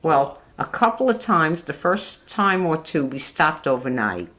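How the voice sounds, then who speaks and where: A woman's voice: low voice, very animated, a bit bright. Older woman fondly reminiscing. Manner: fond, halting storytelling with restarts. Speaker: interviewee, mother. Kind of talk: casual family reminiscing.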